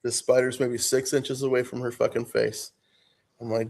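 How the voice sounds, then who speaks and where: A man's voice: medium pitch, flat delivery, moderate pace, gravelly, darkish tone. A middle-aged man on a podcast, telling a profane story in casual chat, often laughing. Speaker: podcast co-host.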